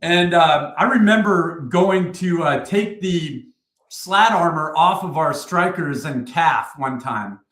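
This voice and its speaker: Profane, animated army veteran storyteller. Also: male voice, a little high, slow pace. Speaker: podcast guest, retired army first sergeant. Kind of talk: casual war storytelling. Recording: roomy echo.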